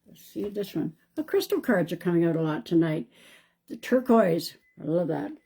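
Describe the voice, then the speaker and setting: Woman, psychic medium, live card reading, low pitch, mellow tone, reassuring. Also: normal speed, breathy edge. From Canada. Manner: calm, reassuring, thinking aloud.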